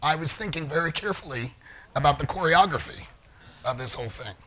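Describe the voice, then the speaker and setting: A man's voice: on the high side, lively intonation, fairly quick, fairly bright tone. A middle-aged man giving a live talk in a large conference hall, joking playfully with the audience. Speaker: conference speaker.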